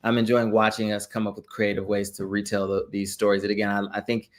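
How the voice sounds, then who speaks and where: A man with a lowish voice co-hosts a film podcast. He speaks slowly, pausing on fillers as he gathers his thoughts. His tone stays plain and easygoing. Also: monotone. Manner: hesitant, unhurried, many fillers. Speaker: podcast co-host. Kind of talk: casual chat.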